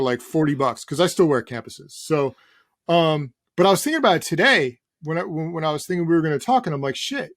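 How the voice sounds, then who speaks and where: A middle-aged man chatting casually as an interview guest, relaxed and rambling, swearing now and then. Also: on the high side, no room sound, clean studio sound. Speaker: guest, sneaker journalist.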